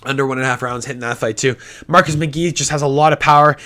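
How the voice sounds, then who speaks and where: A man's voice: mid-range voice, steady tone, pushed and bright. A man hosting a casual fight predictions talk, blunt and opinionated, swearing often and restarting sentences. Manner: fast talking with restarts.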